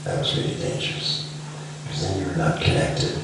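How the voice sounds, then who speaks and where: A middle-aged man giving a devotional lecture with stories, softly chanting a mantra between remarks and asking his listeners questions. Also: mid-range voice, lively intonation, a little fast. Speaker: devotional speaker. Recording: echoey room, far from mic, faint hiss.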